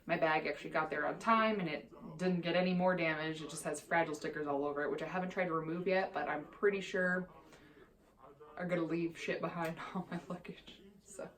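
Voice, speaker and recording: A young woman with a slightly low-pitched voice tells a storytime vlog in a candid, exasperated way. She swears freely and keeps things casual and chatty. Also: fairly even intonation, brisk, fairly bright tone. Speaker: vlogger.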